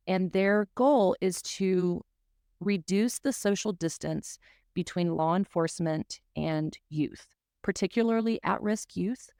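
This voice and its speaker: A woman's voice: on the low side, takes it slowly, mellow, dry recording, clean studio sound. A woman from South Mississippi, hosting a podcast in an earnest, emotional, enthusiastic way. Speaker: podcast host. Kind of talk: casual podcast chat.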